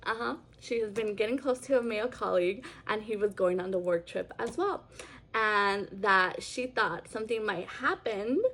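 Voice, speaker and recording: A woman's voice: medium pitch, a bit bright. Chatty woman retelling a story. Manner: chatty, lots of fillers. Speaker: vlogger. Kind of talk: casual storytelling vlog.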